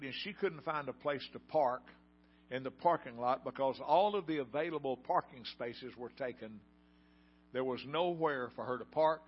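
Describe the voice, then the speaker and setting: Folksy older preacher telling a story. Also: male voice, medium pitch, breathy edge. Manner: folksy storytelling, asks the congregation questions. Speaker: pastor. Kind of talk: sermon. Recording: dull lo-fi sound.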